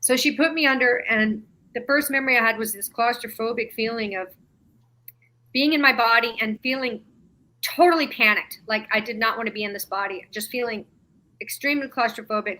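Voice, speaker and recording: A bright, ringing woman's voice, pitched a little high, tells a long personal story. She is middle-aged and talks conversationally, acting out the lines of the people in her tale with real feeling. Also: fairly quick. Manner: animated, emotional retelling with quoted dialogue. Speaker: podcast guest.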